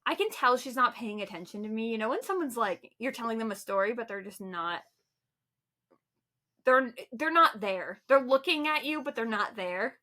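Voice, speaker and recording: Bright-voiced woman telling animated stories. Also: on the high side, normal speed. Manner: animated storytelling, laughs often. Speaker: podcast co-host. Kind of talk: casual chat.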